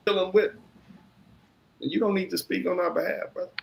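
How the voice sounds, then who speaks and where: A man with a slightly high voice argues his case in a commentary clip. He is combative and repeats words as he builds his point. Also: steady tone, a little fast, creaky, rough recording. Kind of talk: argumentative commentary.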